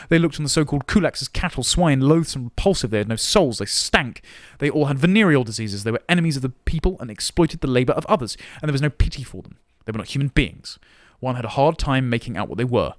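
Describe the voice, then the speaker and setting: A man's voice: medium pitch, dry recording, clean studio sound. A man giving political commentary in a podcast, sardonic and reading long quotes aloud.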